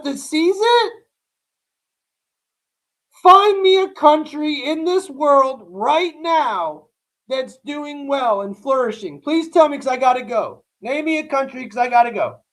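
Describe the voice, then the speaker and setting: Slow-talking, blunt, profane male streamer. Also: extremely high pitch, a bit bright. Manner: blunt, profane, rambling rants at chat. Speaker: livestream host reacting to news. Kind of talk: casual live-stream chat to viewers.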